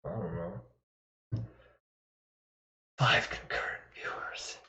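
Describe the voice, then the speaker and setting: A man's voice: slow, sharp tone. A man chatting casually on his live stream, rambling with self-deprecating asides and chuckles. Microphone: desktop microphone. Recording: echoey, dull lo-fi sound.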